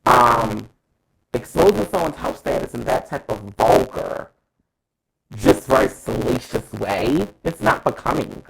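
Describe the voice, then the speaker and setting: Male co-host, lively and gravelly, emphatic and profane in casual opinion talk. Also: mid-range voice, a little slow, rough recording. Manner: dramatic, emphatic, profane, addresses co-hosts by name.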